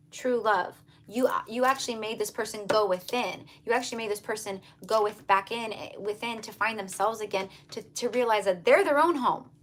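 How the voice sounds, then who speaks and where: A woman's voice: medium pitch, a bit bright, a little hiss or hum. A woman giving a casual tarot reading, talking earnestly and repetitively to her viewers. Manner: earnest, repetitive, emphatic, addresses viewers as you guys. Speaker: tarot reader.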